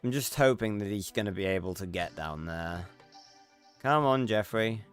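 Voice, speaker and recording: A man's voice: on the low side, animated, moderate pace, smooth, soft background music. Chatty male streamer rambling over gameplay. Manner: chatty, rambling with many fillers. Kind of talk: casual gameplay livestream chat.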